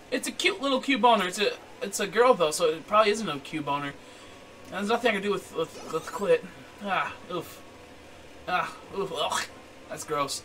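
A young man giving let's-play commentary, excitable and swearing a lot, chatting to the creatures on screen and yelling at surprises. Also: high voice, moderate pace, a little hiss or hum. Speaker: game streamer.

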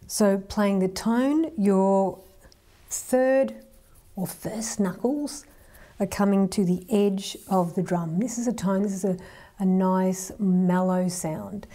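A woman teaching hand drum rhythms, calmly counting out strokes and hand patterns. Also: mid-range voice, takes it slowly. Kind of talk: hand drumming lesson.

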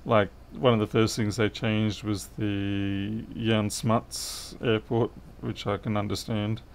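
A man's voice: lowish voice, flat delivery, takes it slowly, creaky, slight background noise. A middle-aged man, chatting casually and thinking aloud while he works through a repair on a livestream. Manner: rambling, thinks aloud, answers chat.

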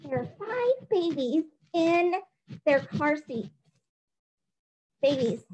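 Slow, lively playful woman teacher. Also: sits high, low-quality recording. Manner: playful, slow and clearly spelled out. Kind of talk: recorded phonics dictation lesson.

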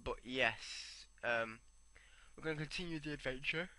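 A man's voice: mid-range voice, a little slow, pushed and bright, no room sound. A young man rambling to himself as he comments on his own gameplay. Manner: rambling, talks to himself while playing.

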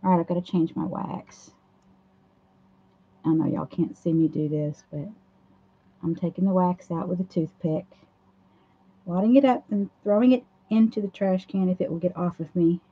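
A hoarse woman hosts a casual craft livestream, chatting through each step as she works at a home craft table. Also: lowish voice, moderate pace, long pauses. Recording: dull lo-fi livestream audio.

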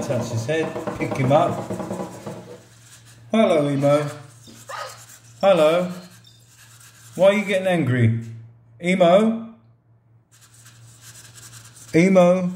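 A middle-aged man casually reviewing a toy robot at a table, relaxed and joking, talking to it like a pet. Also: fairly high pitch, slow pace, long pauses, reverberant, a little hiss or hum. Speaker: product reviewer. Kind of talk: casual product review vlog. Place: indoors at a table or counter.

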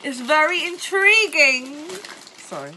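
A woman vlogger talks through an unboxing at home, worn out yet excitable and quick to apologize. Her voice sits a little high and rings bright. A faint hiss runs under the recording. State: tired. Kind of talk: unboxing vlog.

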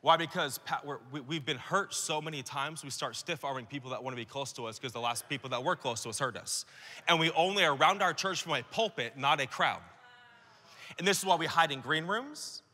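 Bright-voiced male pastor preaching. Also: a little high, fairly quick, long reverb tail. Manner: conversational preaching, acting out quoted voices. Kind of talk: sermon to church leaders. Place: large conference hall.

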